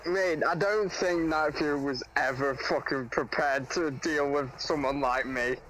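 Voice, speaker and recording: A man's voice: fairly high pitch, a little slow, a bit bright, slight background noise, low-quality recording. A man in casual gaming voice chat, boisterous and heavy on swearing.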